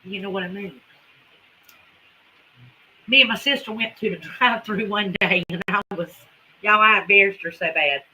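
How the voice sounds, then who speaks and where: A woman's voice: medium pitch, moderate pace, pauses often, bright, forceful tone, slight background noise, low-quality recording. A woman with a Southern US accent, chatting folksily with viewers as a homesteading livestream host. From Carolinas, US. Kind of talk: casual livestream chat with viewers.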